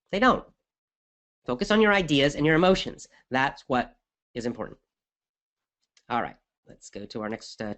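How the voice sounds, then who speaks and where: A middle-aged man, an English teacher, answers listener questions on his podcast in an energetic, emphatic, conversational way. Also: a little high.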